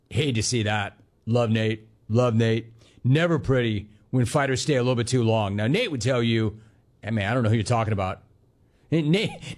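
A man hosting a sports talk radio show, talking in a conversational, emphatic way with quick bursts and repeated words. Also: mid-range voice.

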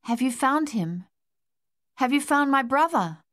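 A woman's voice: sits high, expressive, measured pace, fairly bright tone, dry recording, clean studio sound, voice pushed up. A woman reading the part of a young wounded French soldier in an audiobook, earnest and pleading.

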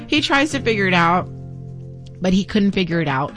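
A woman tells a casual story in a chatty, animated way. Her pitch rises and falls a lot. Faint music plays behind her. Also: a little fast. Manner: chatty, laughs often, acts out quoted people. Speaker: radio devotional speaker.

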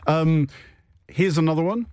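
A man's voice: fairly high pitch, measured pace, a little mellow, smooth, no echo. A man hosting a radio panel game in a studio, making dry, wry quips between questions. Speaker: radio show host.

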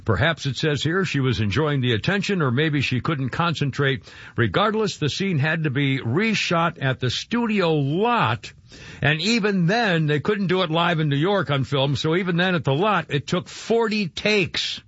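A man hosting a radio show, talking casually in a rambling, excitable way and laughing easily. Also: fairly high pitch, moderate pace, breathy edge, dry recording. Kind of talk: casual morning radio talk. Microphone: studio microphone. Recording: dull radio broadcast sound.

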